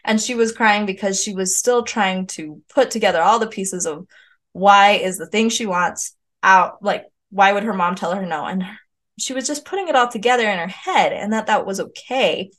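A woman's voice: medium pitch, normal speed, fairly bright tone. A woman hosting a parenting show, candidly telling a personal story with ums and restarts. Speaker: parenting podcast host.

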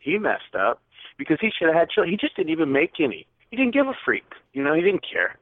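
A man's voice: a little high, fast, no room sound. A young man rattles off a story, his voice jumping up whenever he acts out what people said. The sound is thin and phone-like, and very dry with no room around it. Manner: animated, acts out quotes with rising voice. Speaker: podcast co-host. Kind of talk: casual storytelling. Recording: tinny phone-like audio.

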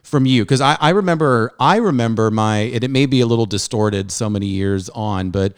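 A man's voice: medium pitch, brisk, smooth, no room sound, clean studio sound. A middle-aged man hosting his music show, chatting eagerly with an old friend and rambling with many restarts and fillers. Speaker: podcast host. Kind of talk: casual chat.

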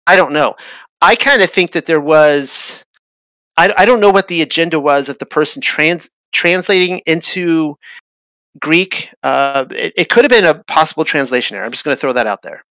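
A man with a bright, forward voice talks through a Bible chapter on his podcast, recorded dry and close. He thinks aloud as he goes, restarting phrases and pausing with fillers. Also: fairly high pitch, dry recording, low-quality recording. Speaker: podcast host. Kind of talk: casual Bible study talk. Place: traveled to Israel.

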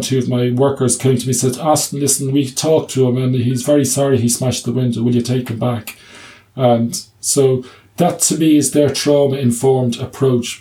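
A man's voice: mid-range voice, dark tone. A middle-aged man, a clinic doctor answering interview questions, stumbling over restarts and telling anecdotes with humour. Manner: hesitant restarts, anecdotes with quoted dialogue and humour.

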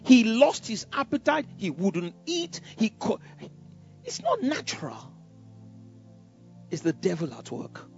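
An emphatic male pastor preaches with a high, husky voice that swings widely in pitch. He laughs often. The recording is dull and lo-fi, with faint music behind him. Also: huge pitch swings, takes it slowly, long pauses. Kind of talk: sermon.

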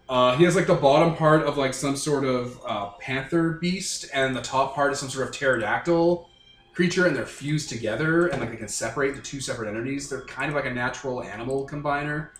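A man narrating a tabletop game as game master, loose and profane, quick to laugh. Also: medium pitch. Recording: roomy recording, faint music.

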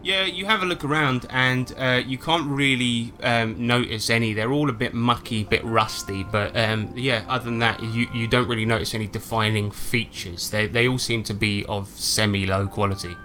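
A man running a tabletop game as game master, with relaxed, halting narration. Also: mid-range voice, soft background music.

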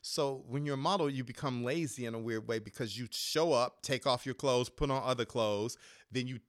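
A middle-aged man telling stories in a casual conversation, lively and laughing, often jumping up in pitch to act out other people's voices. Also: normal speed, dry recording, studio quality. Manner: lively, acts out quoted voices with sudden high pitch jumps, laughs mid-sentence. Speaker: guest, former model turned stylist.

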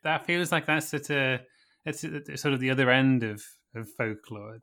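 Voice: medium pitch, moderate pace, fairly bright tone. An interviewer who reacts with laughter and appreciative comments after a story.

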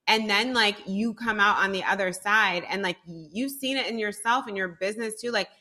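A young woman guesting on a podcast as a business mentor, talking emphatically and dropping swear words casually. Her voice is bright and forward. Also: mid-range voice, normal speed. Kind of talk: casual chat.

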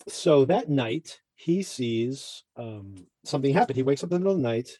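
Mellow, husky-voiced podcast host. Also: male voice, medium pitch, sing-song, a little slow, dry recording, faint music behind. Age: adult parent. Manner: chatty, rambling with fillers and asides. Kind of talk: casual TV recap chat.

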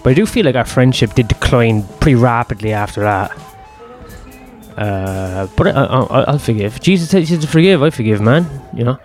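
A man's voice: medium pitch, expressive, brisk, darkish tone, soft background music. Rambling, profane young man. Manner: profane, rambling, self-deprecating. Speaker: host. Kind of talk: rambling personal storytelling.

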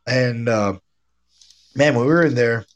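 A man's voice: medium pitch, unhurried. Laid-back man telling ghost stories. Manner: laid-back storytelling, says "man" and "dude" a lot. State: stuffy nose. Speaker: podcast host, paranormal investigator. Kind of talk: casual chat.

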